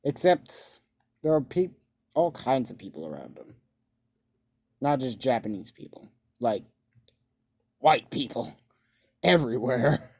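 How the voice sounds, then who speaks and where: A man's voice: medium pitch, sing-song, measured pace, long pauses, darkish tone, husky. A man casually improvising a crude fan-fiction story, rambling with lots of filler and laughing at his own jokes.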